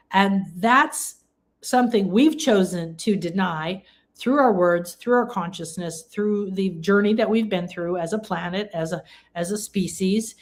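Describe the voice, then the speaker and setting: A woman from England hosting a live spiritual talk, gushing and rambling, with bursts of excited exclamation. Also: lowish voice. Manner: rambling, with frequent restarts and fillers. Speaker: spiritual teacher and live-stream host.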